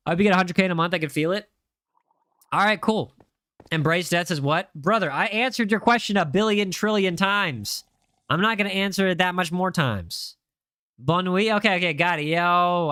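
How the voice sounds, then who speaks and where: A man's voice: a little high, bright, forceful tone, no echo. A young man with a mix of Spanish and American accent, chatting casually with viewers while building in a game and teasing them as he reads their messages. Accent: mixed Spanish and American. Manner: joking, teasing viewers, reads chat aloud. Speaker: streamer. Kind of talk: casual live-stream chat while playing.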